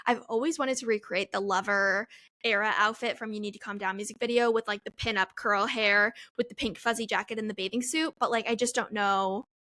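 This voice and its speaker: A woman's voice: medium pitch, steady tone, fairly quick, bright, forceful tone. A woman in her twenties hosting a solo Q&A podcast, talking in a chatty, rambling way and laughing at herself. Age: 20s. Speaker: podcast host. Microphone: headphones, studio-style mic.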